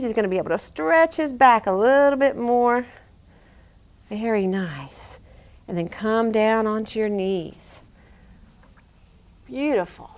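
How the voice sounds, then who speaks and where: A woman leads a children's yoga class with a slow, unhurried delivery. Her voice sits a little high, and she sounds encouraging and playful, cheering the child on and joining in with animal sounds. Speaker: yoga teacher and physical therapist. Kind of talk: guiding a kids' yoga class.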